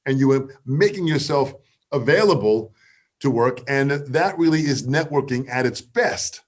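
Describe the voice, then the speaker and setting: A man's voice: medium pitch, unhurried. A man interviewing a guest, summarizing and affirming his points.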